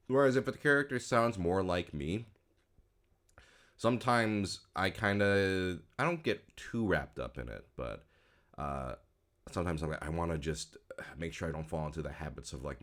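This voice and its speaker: A man in his thirties, a voice actor, giving casual commentary in a relaxed, rambling way, with many fillers and trailing-off phrases. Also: a bass voice. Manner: says his own speech is not super crisp. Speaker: voice actor and YouTuber.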